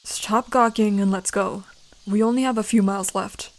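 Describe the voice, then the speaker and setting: A woman voicing a gruff, curt young male druid prince in a whispered role-play. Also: medium pitch, fairly even intonation, normal speed, natural voice. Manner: curt and grumbling.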